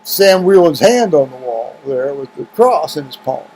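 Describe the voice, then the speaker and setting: Man, high voice, middle-aged, rambling home vlog talk, restarts often. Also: animated, normal speed, darkish tone, husky, poor audio. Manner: rambling, many restarts and fillers. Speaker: video blogger. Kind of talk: casual talk to camera. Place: home room with heaters running.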